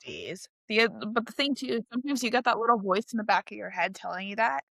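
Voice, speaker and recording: A woman's voice: medium pitch, sing-song, fast, vocal fry, a bit bright, dry recording. A woman co-hosting a podcast in casual chat, blunt and emphatic, often tagging her points with "right?" and swearing freely. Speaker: podcast co-host and full-time small business owner.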